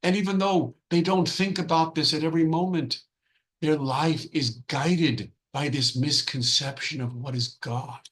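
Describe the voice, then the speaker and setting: Guy giving a spiritual sermon, really slow, leans hard on words, repeats himself. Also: fairly high pitch. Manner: emphatic, drawn-out stresses, repeats phrases. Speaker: spiritual teacher. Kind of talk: devotional sermon.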